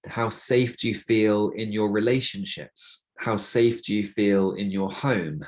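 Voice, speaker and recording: A man gives a webinar talk on breathing techniques. His voice sits slightly low, and he explains patiently and encouragingly. He often stops to restart a thought or adds a small filler. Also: a little mellow. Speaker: breathwork practitioner presenting a webinar. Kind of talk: webinar presentation.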